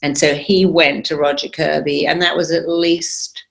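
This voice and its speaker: A woman's voice: sits low, moderate pace, vocal fry. A middle-aged woman therapist being interviewed, telling stories with an emphatic, confident manner. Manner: emphatic, confident, animated retelling. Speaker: therapist and guest. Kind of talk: conversational interview storytelling.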